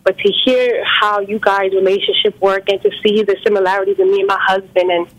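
A woman calling in to a talk show, speaking in an earnest, halting and grateful way. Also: mid-range voice, flat delivery. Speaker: caller. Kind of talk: call-in talk. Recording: phone line.

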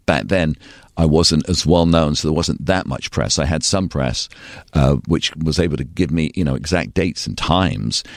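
An English man, a guest in a podcast interview, telling lively anecdotes and acting out the voices of the people he quotes. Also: extremely low pitch, no echo, studio quality. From England. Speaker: guest, radio and TV personality.

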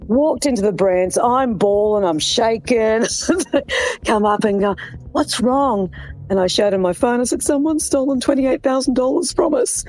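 A woman, an interviewee telling in a chatty, animated way how she and her partner were scammed. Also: medium pitch, poor audio. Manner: chatty, animated storytelling with laughs. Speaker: interviewee, scam victim. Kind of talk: emotional retelling in an interview.

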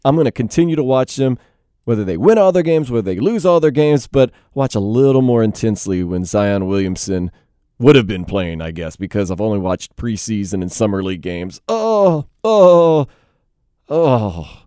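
A young man hosting sports radio, playful and energetic, jumping up in pitch to hype the coming shows. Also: fairly quick, clean tone, no echo, studio quality. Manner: energetic, playful, jumps high in pitch for emphasis. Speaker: radio host. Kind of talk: upbeat sports radio promo. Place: radio studio.

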